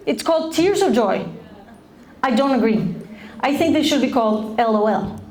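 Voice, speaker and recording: Animated woman speaker, higher voice. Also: normal speed. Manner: animated, asks the audience questions. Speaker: speaker giving a talk to college students. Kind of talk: lively public talk. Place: lecture room.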